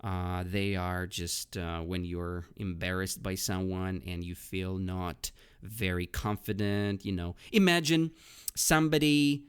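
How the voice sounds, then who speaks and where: A man hosting a casual vocabulary lesson podcast. He explains words slowly with many fillers and keeps checking in with "right?" and "okay?". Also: low voice, fairly even intonation, smooth. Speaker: English teacher, podcast host.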